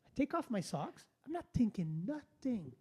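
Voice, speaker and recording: A man, hosting a podcast and telling a story in a casual, animated, blunt way, swearing freely and restarting sentences. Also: high-pitched, normal speed, breathy edge. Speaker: podcast host.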